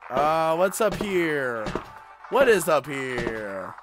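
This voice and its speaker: A man's voice: on the high side, sing-song, drawn-out words. A young man casually commenting while he plays a horror game and reads its lines aloud, with game music behind him. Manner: reads game dialogue aloud, hesitant and chatty. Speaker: gaming YouTuber. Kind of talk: casual let's-play commentary.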